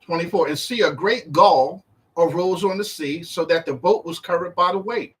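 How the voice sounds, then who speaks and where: Man, high voice, casual Bible study, reads verses then riffs, acts out quotes. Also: normal speed. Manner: animated, acts out the disciples' and Yahshua's words in a higher voice; conversational, uses slang while reading verse by verse. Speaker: Bible teacher. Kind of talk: informal Bible teaching.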